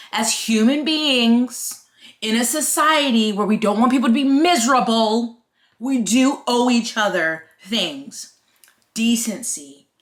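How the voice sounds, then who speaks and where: A woman's voice: mid-range voice, fairly bright tone. A young woman ranting in a casual vlog, swearing often and sounding exasperated. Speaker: vlogger.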